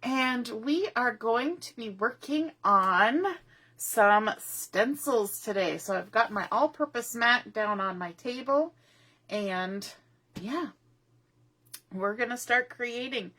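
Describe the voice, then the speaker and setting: A woman's voice: a little high, expressive, takes it slowly, bright, forceful tone. A middle-aged woman hosting a live online craft demo, chatty and rambling, a little out of breath, greeting viewers by name and laughing often. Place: home craft room at a table.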